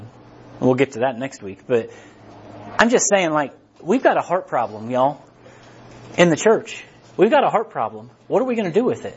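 Guy preaching, kinda high voice, chatty and stop-start, dull muffled recording. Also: big pitch swings, moderate pace, slight background noise. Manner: conversational preaching with frequent restarts. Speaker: pastor. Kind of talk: sermon.

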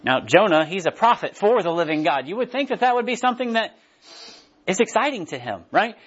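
A man's voice: sits high, big pitch swings, a little fast, husky. A man preaching in a casual, conversational way and often checking in with "right?", heard on a dull lo-fi recording. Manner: casual, keeps asking "right?". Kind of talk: conversational Bible teaching.

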